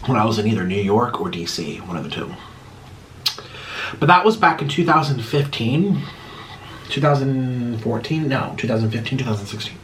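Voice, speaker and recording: A young man talks through a spicy meal in a loose, rambling way, clearing his throat between bites. His pitch swings widely as he chats, and a faint hiss sits under the recording. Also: lively intonation, moderate pace, fairly bright tone, low-quality recording. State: mouth burning from spicy food. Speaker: vlogger. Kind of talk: eating vlog and Q&A.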